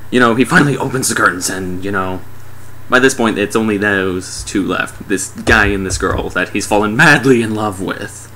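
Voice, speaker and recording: A man's voice: lowish voice, pushed and bright, a little hiss or hum, low-quality recording. A man giving a casual, comedic movie recap in a sarcastic, mock-exasperated way. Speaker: movie reviewer.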